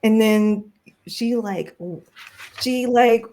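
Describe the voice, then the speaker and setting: A woman's voice: on the high side, slow pace, mellow. A woman playing in a live tabletop game, describing her character in a chatty way and laughing often. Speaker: player. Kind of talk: casual role-play as a player.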